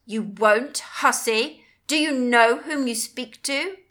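A woman voicing an overbearing gentleman master, a man speaking in a commanding, hasty way. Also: a little high, slow pace.

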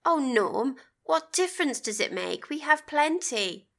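A woman's voice: high-pitched, very animated, a little slow, creaky, voice pushed up, full character voice. A woman voicing a frustrated middle-aged wife who pleads and pushes back. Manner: pleading, rising to anger.

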